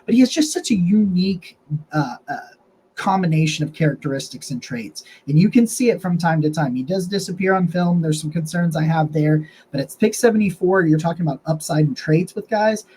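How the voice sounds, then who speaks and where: Casual sports host, dark mellow voice. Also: male voice, a little high, expressive, a little fast, husky, rough recording. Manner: loose, rambling, frequent restarts and fillers. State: has the hiccups. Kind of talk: casual sports analysis monologue.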